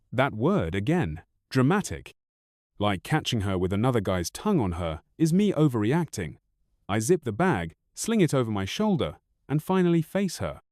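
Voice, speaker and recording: A man's voice: fairly low pitch, big pitch swings, a little slow, a little mellow, no echo, clean studio sound. A man in his thirties narrating a first-person story in a bitter, raw, profane way.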